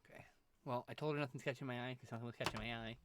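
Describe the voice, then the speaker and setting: A man's voice: mid-range voice, steady tone, very fast, noisy background. A man chatting casually on a live art stream, rambling, restarting sentences and swearing offhand. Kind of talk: casual chat while drawing on stream.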